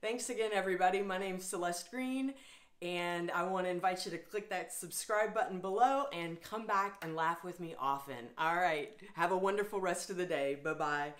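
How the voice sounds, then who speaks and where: A woman's voice: fairly low pitch, moderate pace, a bit bright, echoey room. A woman leading a laughter yoga class, coaxing her listeners along with cheerful calls and bursts of laughter. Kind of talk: guided laughter exercise class.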